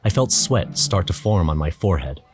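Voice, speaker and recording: Deep-voiced nervous male narrator. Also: lively intonation, normal speed. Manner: nervous, wry inner monologue. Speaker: first-person narrator. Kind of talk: audio drama narration. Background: music.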